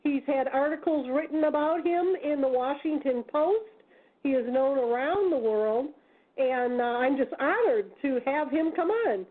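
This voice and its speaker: A woman with a high voice hosts a talk radio show, chatty and full of homely asides. She sounds thin and tinny, like she is on a phone line. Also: lively intonation, a little slow. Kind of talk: casual talk radio hosting.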